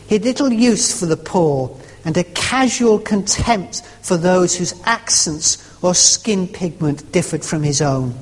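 A preacher delivers a sermon, leaning on one word after another as a phrase is repeated. The talk stalls now and then in restarts. A long hall reverb trails each line. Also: mid-range voice. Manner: emphatic, repeating phrases and stressing words in turn.

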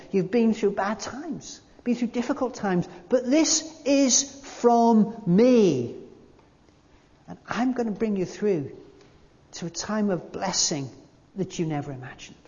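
A man voicing God as a calm, reassuring presence in a hushed, near-whispered delivery. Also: sits high, a little slow. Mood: soft reassuring. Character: God speaking gently, calm, reassuring and in charge. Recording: dull lo-fi sound with long hall reverb.

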